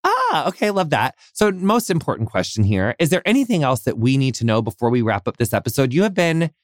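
A man's voice: medium pitch, wildly swooping pitch, a little fast, no room sound, clean studio sound. An American man hosting a podcast interview, gushing and effusive, full of fillers and casual swearing. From United States. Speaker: podcast host.

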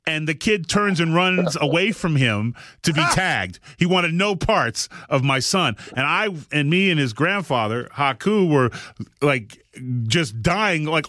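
A man hosting a podcast, telling a long story in casual chat, animated and rambling with frequent restarts. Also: a little high, measured pace, dry recording, clean studio sound. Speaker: podcast host.

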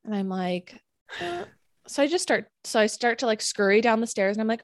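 A young woman co-hosting a podcast, telling a story in a casual, animated way, full of fillers and acted-out quotes. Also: a little high, brisk, no echo. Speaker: podcast co-host.

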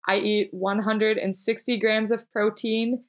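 Young woman, podcast host and trainer, casual upbeat delivery, quick to agree. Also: mid-range voice, little pitch movement. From Minneapolis.

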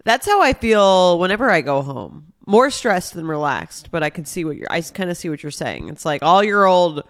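Lively, reflective podcast co-host. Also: medium pitch, no room sound, clean studio sound. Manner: reflective, lively, quick to laugh and tease. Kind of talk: casual podcast chat.

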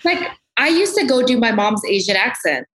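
A woman's voice: on the high side, big pitch swings, moderate pace, fairly bright tone. A woman makeup artist, a guest in a casual interview, talking candidly and animatedly and swearing freely. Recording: roomy echo.

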